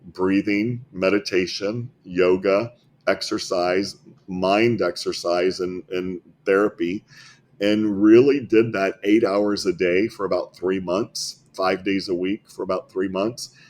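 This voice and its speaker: A man's voice: low voice, steady tone, takes it slowly, darkish tone. A man, a health clinic founder, earnestly telling patient stories as a guest in a podcast interview, often repeating words as he goes.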